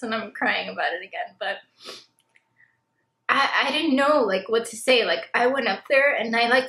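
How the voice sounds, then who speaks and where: A young woman with a slightly high voice chats candidly about her life as a mom. She talks in a loose, confessional way and fills her sentences with "like." Her voice carries some echo from the room at home. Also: a bit bright. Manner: candid, chatty, heavy use of "like" as filler. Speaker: vlogger, stay-at-home mom. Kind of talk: casual confessional chat to camera. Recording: roomy echo.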